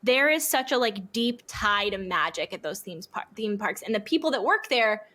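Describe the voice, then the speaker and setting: A young woman guesting on a podcast, telling animated, casual stories, acting out what people said and swearing freely. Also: medium pitch, normal speed. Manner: animated storyteller who acts out quotes and swears freely. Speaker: guest streamer. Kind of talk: casual podcast interview chat.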